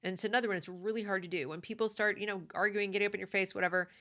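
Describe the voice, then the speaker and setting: A woman's voice: medium pitch, fairly even intonation, rapid-fire, sharp tone. A woman delivering a conversational opinion monologue, emphatic and prone to repeating her points. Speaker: commentator.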